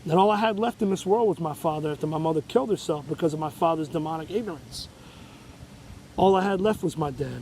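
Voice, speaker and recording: A man's voice: a little high, darkish tone, slight background noise, poor audio. Agitated, profane New man ranting. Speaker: show host. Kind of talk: ranting monologue.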